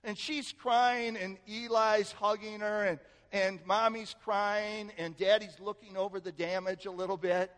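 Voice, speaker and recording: A male pastor preaching in a church, telling a family story with lively, animated delivery. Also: a little slow, few pauses. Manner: storytelling, animated, acts out family quotes with rising pitch. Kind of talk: sermon. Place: church sanctuary. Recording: echoey hall with long reverb.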